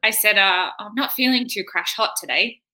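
A young woman from Australia speaks with a softened Australian accent, her tone very bright and edged. She chats casually as an interview guest, self-deprecating and quick to laugh. Her pitch sits in a middle range. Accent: Australian, partly Americanized.

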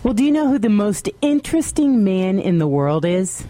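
A woman's voice: medium pitch, sing-song, normal speed, dark tone. A woman reading a playful radio news teaser. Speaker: news reader.

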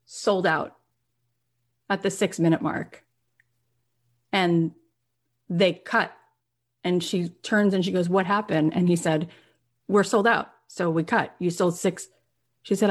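A woman telling an inspiring story as a motivational speaker, acting out the people in it and rising to pleading peaks. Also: mid-range voice. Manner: acts out quoted voices, rising and pleading at emotional peaks.

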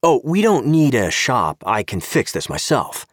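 A wry, cornered American spy from an audio story, feigning cheerful innocence, as a male narrator plays him. His voice is husky and lively in pitch, recorded close and dry. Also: measured pace, no echo. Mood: feigned cheer.

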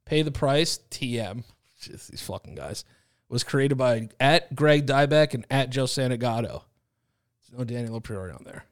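Picture a man in the middle of a podcast, reading out the rules of a party game in a loose, offhand way. His pitch sits in an ordinary middle range. He peppers his talk with swearing and jokey asides to his co-host. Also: lively intonation, normal speed. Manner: loose, profane, joking banter. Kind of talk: casual chat, reading game rules aloud.

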